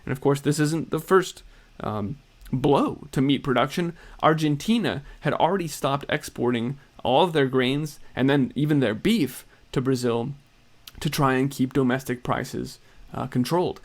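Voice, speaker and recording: Male narrator, mid-pitched voice, brisk and pointed commentary delivery. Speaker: video narrator.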